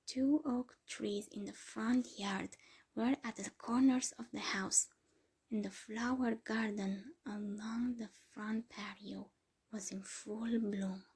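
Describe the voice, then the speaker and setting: A woman reading a story aloud in a soft, slow whisper, as whispered role-play narration. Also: a little high, fairly even intonation. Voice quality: breathy whisper.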